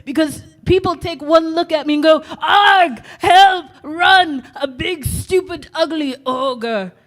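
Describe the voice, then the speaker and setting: A woman's voice: high voice, moderate pace, natural voice. A woman voicing a grumpy big male ogre, reading a film monologue on a convention stage. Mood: gruff, defensive. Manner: put-on accent. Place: convention stage before a live audience.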